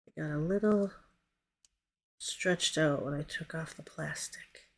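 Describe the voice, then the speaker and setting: A faint hiss or hum sits under this low-pitched, slightly slow female voice. She's an American nail product stylist giving a casual tutorial, chatting about what her hands are doing while trailing off and correcting herself.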